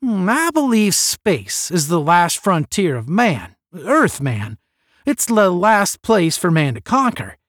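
Cocky young space cadet, read by a man, smooth and self-assured, pitch rising and falling. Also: very animated, takes it slowly, fairly bright tone, dry recording, studio quality, exaggerated voice. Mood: confident.

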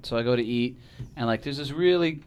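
A man's voice: medium pitch, brisk, a little mellow, smooth. A man telling a story on a podcast in casual, profane talk, acting out the voices of the people in it. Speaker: podcast guest.

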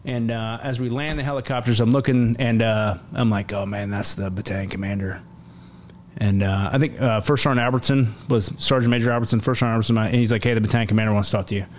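A man's voice: fairly low pitch, quick pace, slight background noise. A man in his forties, an army sergeant major, telling a war story in a casual interview, acting out quotes with many fillers. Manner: animated, acts out quotes, many fillers and restarts. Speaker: army command sergeant major, podcast guest.

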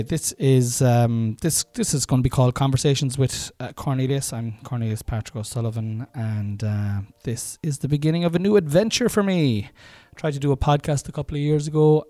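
A man's voice: medium pitch, mellow, dry recording. A middle-aged man hosting his own comedy podcast at home, talking in a rambling, self-mocking way full of fillers. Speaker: podcast host and stand-up comedian. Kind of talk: casual podcast chat and mic tests. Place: room at home.

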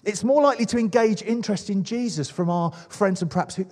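A man's voice: high voice, quick pace, darkish tone, in a large hall. A man preaching a sermon with enthusiasm, asking the congregation questions. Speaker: pastor.

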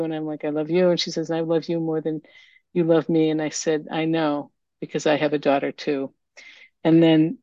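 A woman giving a candid, emotional share at a recovery meeting, halting with fillers, over a video call. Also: low-pitched, darkish tone, dry recording. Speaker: meeting member sharing. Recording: dull lo-fi video call audio.

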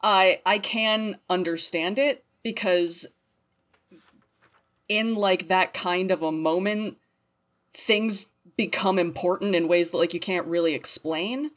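A woman's voice: lowish voice, takes it slowly. A woman co-hosting a podcast, joking and laughing in a casual chat. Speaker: podcast co-host.

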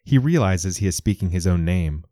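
A deep, mellow male voice reading an audiobook in a measured, even storyteller's cadence. It sits close and dry with no room sound around it. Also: dry recording. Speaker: narrator. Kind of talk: scripted audiobook narration.

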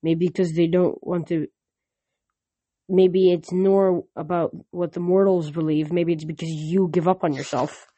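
A man's voice: fairly high pitch, flat delivery, a little slow, dark tone, no room sound. A man reading a storybook aloud and voicing an earnest teenage boy hero who speaks urgently.

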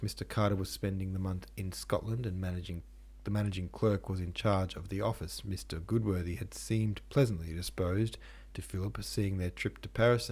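A man's voice: lowish voice, vocal fry, a little mellow. A man hosting a podcast, reading a classic novel aloud and chatting casually afterwards with joking asides. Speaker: podcast host and reader.

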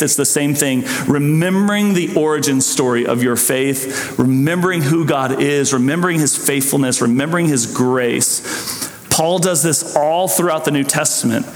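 A man preaching a sermon as pastor, conversational and animated, often restarting and throwing in asides. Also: on the high side. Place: church sanctuary. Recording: echoey hall.

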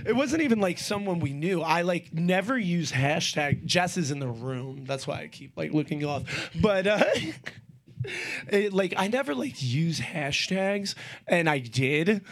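This high-pitched male host chats loosely from home, a little stoned. His stories wander and are full of swearing. He talks the way a man does when hanging out with friends. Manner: rambling, profane storytelling. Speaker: podcast host. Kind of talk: casual chat.

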